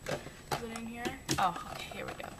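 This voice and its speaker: A young woman talks through her everyday makeup routine in a loose, rambling way, poking fun at herself as she goes. The home recording carries a clear background hiss with a low rumble. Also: animated, brisk. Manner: chatty, rambling, self-mocking. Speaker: beauty vlogger. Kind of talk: casual makeup tutorial chat.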